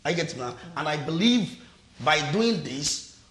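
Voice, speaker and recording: A man's voice: on the high side, expressive, unhurried, a bit bright. A man with a Nigerian accent speaks on a television panel in a slightly raised voice. He talks emphatically, repeats his own phrases and often restarts mid-sentence. The sound carries the echo of a roomy studio. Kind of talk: TV panel discussion. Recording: echoey studio.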